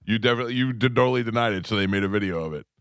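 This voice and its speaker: A man's voice: lowish voice, very fast, fairly bright tone, smooth, no echo, clean studio sound. A man hosting a radio talk show, teasing his co-hosts and laughing often. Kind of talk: casual radio banter. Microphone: studio microphone.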